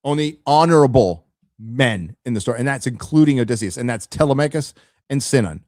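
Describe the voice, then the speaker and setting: A man's voice: mid-range voice, lively intonation, fairly quick, a little mellow, no room sound, studio quality. A man hosting a live show, giving blunt, opinionated commentary to his chat, with frequent stammered restarts. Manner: addresses chat directly. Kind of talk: casual opinionated livestream commentary.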